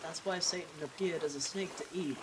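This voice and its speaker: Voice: medium pitch, brisk, close to an everyday voice. A streamer reading aloud the part of a bold young scholar with heretical ideas, in a plain everyday voice. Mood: earnest. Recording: rain noise in background.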